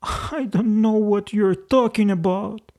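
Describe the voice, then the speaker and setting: A man's voice: high voice, slow, mellow, voice pushed up. A man voicing a young woman, a frightened and tearful sweetheart, in an audiobook reading. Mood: pleading.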